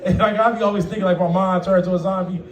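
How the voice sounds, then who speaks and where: A man's voice: sits high, steady tone, fast talker, roomy sound, distant mic, lo-fi sound. A man performing a profane stand-up comedy set, laughing often and acting out the people in his stories. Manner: profane, laughing, acts out quoted voices. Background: audience laughter.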